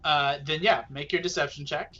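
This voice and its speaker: A man narrating a tabletop game as game master, rambling and filling pauses with ums and uhs. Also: a little high, fairly even intonation, pushed and bright, dull audio.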